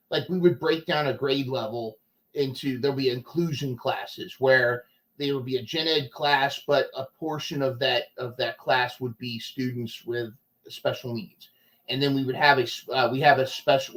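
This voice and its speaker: A man's voice: medium pitch, a bit bright, rough recording. A man hosting a casual podcast interview, eager, with many stammered restarts as he asks questions. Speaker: podcast host.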